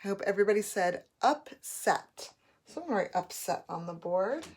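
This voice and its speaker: A woman teaching a phonics lesson to young students, sounding out letters and words slowly and clearly as she writes on a board. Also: medium pitch, animated, darkish tone.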